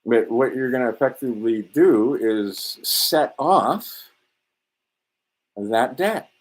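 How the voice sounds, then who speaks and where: A man's voice: medium pitch, slow. A man in a rambling, self-assured monologue, swearing often and drifting between points. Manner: profane, digressive, self-assured.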